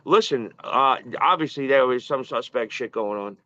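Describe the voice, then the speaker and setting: A man in his early forties, a guest in a casual podcast chat, who tells stories in a profane, animated way and stumbles over his words. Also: medium pitch, normal speed, dry recording, highs cut off. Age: early 40s.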